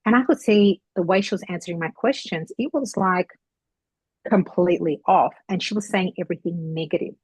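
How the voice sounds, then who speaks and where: A woman with a low, husky voice tells a long chatty story in a relaxed podcast conversation. She rambles and jumps into quoting others along the way. The recording is close and dry. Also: a little fast, no echo, rough recording. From Australia. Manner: chatty, rambling, animated retelling with acted quotes. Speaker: psychic medium guest. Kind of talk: casual storytelling chat.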